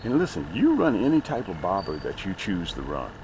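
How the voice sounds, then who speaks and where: A man hosting a casual fishing vlog, talking straight to his viewers as "guys", getting excited over each catch and promoting his own gear. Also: sits low, brisk, slight background noise. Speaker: fishing vlogger. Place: on a boat outdoors, later in his office.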